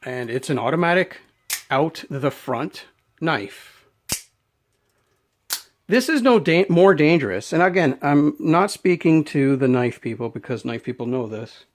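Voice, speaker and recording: A man's voice: fairly high pitch, expressive, a little slow. A man ranting unscripted to camera as a knife vlogger, emphatic and rambling, often repeating his words. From Canada.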